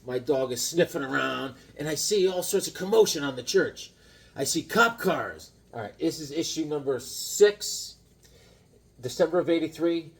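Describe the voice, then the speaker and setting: A man hosts a casual comic-collecting vlog in a slightly high-pitched voice. He rambles, hopping from a personal anecdote to flipping through old issues and back again. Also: animated, moderate pace. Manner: rambling, chatty, jumps between stories and comics. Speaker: comic book vlogger. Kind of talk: casual show-and-tell chat.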